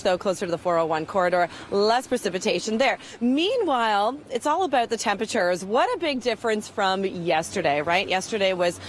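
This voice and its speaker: A woman delivers a live weather report while standing outside in the snow. She talks in a chatty, upbeat way and slips in easy jokes between the temperatures and road conditions. Her voice sits at an ordinary middle pitch. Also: slight background noise. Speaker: weather presenter. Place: outdoors in a snowy town.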